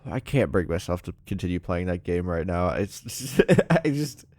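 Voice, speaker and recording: A man's voice: low voice, normal speed, darkish tone, dry recording. A man livestreaming a puzzle game, chatting casually and rambling with lots of ums and frequent laughs. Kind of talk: casual live-stream chat.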